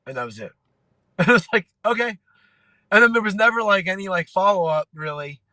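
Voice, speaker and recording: A man's voice: high voice, a little fast, no room sound. A man in his thirties, a guest on a podcast, telling stories in casual chat with frequent laughter, acting out quotes. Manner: laughing, animated storyteller who acts out quotes. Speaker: podcast guest, MMA fighter.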